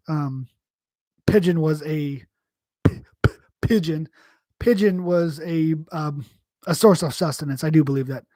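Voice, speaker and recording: A man's voice: high voice, darkish tone, no room sound, clean studio sound. A man from New York hosting a live stream, chatting casually and answering chat in a rambling, profane, slangy way. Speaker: livestream host.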